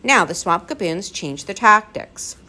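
A woman narrating a children's adventure story with an expressive reading. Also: mid-range voice, measured pace.

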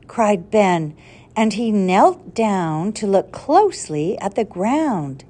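A woman reading a children's adventure story aloud with an expressive, deliberate delivery. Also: mid-range voice. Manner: expressive, deliberate read-aloud with a slip corrected.

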